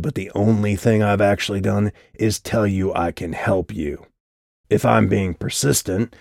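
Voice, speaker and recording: A man's voice: low voice, vocal fry, darkish tone, no echo, studio quality, full character voice. Man doing a growling, mocking clown-faced stranger. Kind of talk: audiobook character voice.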